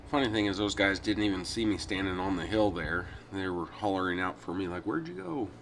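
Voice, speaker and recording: A man with a very low voice talks over his ride footage in a relaxed, rambling way. He drifts along with plenty of ums and uhs, like a casual voice-over for his own vlog. A faint hum of ambient noise sits under his voice. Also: fairly quick. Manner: easygoing, rambling, with frequent fillers. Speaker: adventure riding vlogger.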